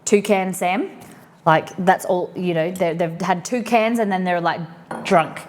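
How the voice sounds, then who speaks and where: A woman's voice: lowish voice, measured pace, a little mellow. An Australian woman hosting a livestream, chatting casually and rambling as she explains slang to her viewers. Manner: chatty and rambling, lots of "like" fillers. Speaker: livestream host.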